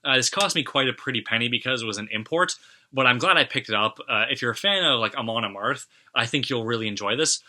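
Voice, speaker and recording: A young man talks casually to his camera, rambling and blunt, with plenty of "uh" and "you know". His is plain, and his voice has a very bright, sharp edge at a middling pitch. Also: fast talker. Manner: rambling, blunt, swears casually, many fillers. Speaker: vlog host.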